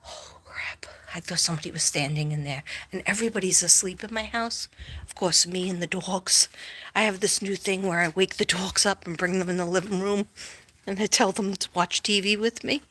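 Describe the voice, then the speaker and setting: A woman's voice: medium pitch, steady tone, moderate pace, fairly bright tone. Rambling woman chatting late at night. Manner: rambling, self-deprecating, laughs often; drops to a whisper at times. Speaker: live-stream host. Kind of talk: casual late-night livestream chat. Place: home at night.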